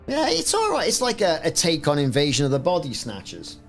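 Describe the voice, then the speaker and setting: A man's voice: a little high, wildly swooping pitch, brisk, faint music behind. A man with a Welsh accent hosting a casual gaming livestream, chatting and joking with mock sports commentary asides. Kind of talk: casual live-stream chat.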